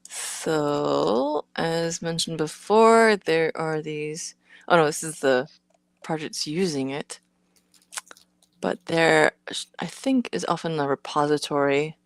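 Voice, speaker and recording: Woman, co-host, low pitch, thinks aloud, mutters while working, playful slang, dry close sound. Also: slow, gravelly, clean tone, no room sound. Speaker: co-host of a live hardware build stream. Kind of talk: casual chat.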